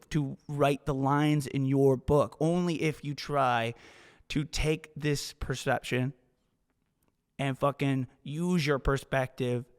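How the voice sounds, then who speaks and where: A man talks straight into the mic in a forceful, swearing, motivational style, circling back over his points. His voice sits at an ordinary middle pitch. A long reverb tail trails after his words. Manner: emphatic, profane, repeats himself. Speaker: podcast host. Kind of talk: motivational podcast monologue.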